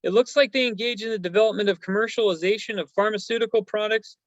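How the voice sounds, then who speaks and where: A man's voice: high-pitched, fairly even intonation, fast, dry recording, lo-fi sound. A man hosting a stock news chat, talking casually and rambling with many fillers and hesitations. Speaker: stock show host.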